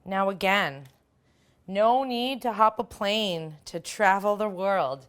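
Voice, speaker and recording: A woman's voice: mid-range voice, slow, clear, resonant tone. Upbeat woman hosting a cooking show. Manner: chatty, upbeat, talks while working. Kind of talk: casual cooking demonstration.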